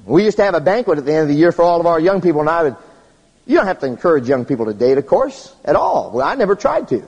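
A man preaching a humorous sermon, telling stories in an animated way and jumping to squeaky high tones for effect. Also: quick pace, slightly rough, long reverb tail, highs cut off.

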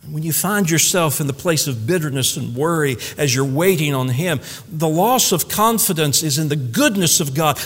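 A man's voice: a little high, normal speed, few pauses. A man preaching a sermon as pastor, with an emphatic, repetitive preaching cadence. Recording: reverberant hall.

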